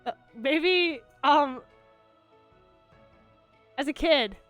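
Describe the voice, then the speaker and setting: A woman's voice: sits high, very slow, a bit bright, no room sound, soft background music. A young woman streamer chatting casually with her viewers, rambling with lots of fillers and restarts. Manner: baby-talk to her dog.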